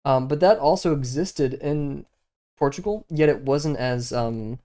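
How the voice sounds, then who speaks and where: A man's voice: mid-range voice, a little slow, warm tone. A young man, chatting casually on a live stream while he draws, rambling with many fillers and restarts.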